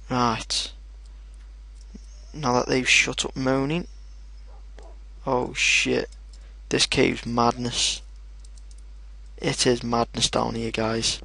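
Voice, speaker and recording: A young man with a gravelly, creaky voice talking through his gameplay at an unhurried pace. He is excitable and swears freely, and often shouts at his pets in the game. The sound is close and dry. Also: mid-range voice, no echo. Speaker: gaming video host. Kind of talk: casual let's play commentary.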